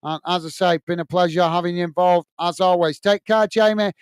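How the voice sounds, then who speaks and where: A man's voice: high voice, steady tone, a little fast, clear, resonant tone, dry recording, studio quality. An English man hosting a live football watch-along, casually reading out viewer comments and giving friendly, repetitive sign-offs with lots of fillers.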